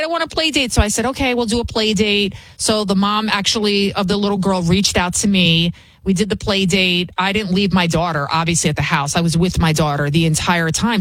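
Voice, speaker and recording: A woman's voice: lowish voice, no echo, low-quality recording. A woman hosting a political opinion show, scornful and heated. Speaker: political commentary host. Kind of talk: opinion commentary.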